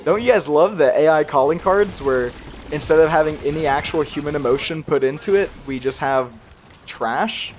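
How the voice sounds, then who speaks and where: A man's voice: on the high side, moderate pace, a little hiss or hum. Rambling young man with a slight accent. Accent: slight regional accent he tries to hide. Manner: rambling, self-deprecating, laughs often. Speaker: gaming youtuber. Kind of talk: casual gameplay commentary.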